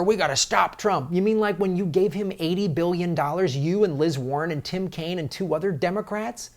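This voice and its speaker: A man hosting a political commentary show, ranting angrily and sarcastically, mocking politicians and swinging from loud outbursts to low mutters. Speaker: comedian and political commentator host.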